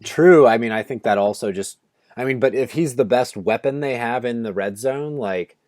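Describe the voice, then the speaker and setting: A man's voice: medium pitch, normal speed, darkish tone. A man co-hosting a fantasy football draft stream, talking casually and rambling with many restarts. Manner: rambling, restarts, says "like" a lot. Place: home, on a video call.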